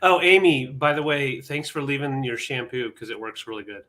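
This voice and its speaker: A man's voice: mid-range voice, normal speed, pushed and bright, slight background noise. A man co-hosting a live sale stream from home, chatting in an easygoing, joking way. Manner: easygoing, joking, laughs along. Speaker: co-host. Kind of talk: casual live-stream chat.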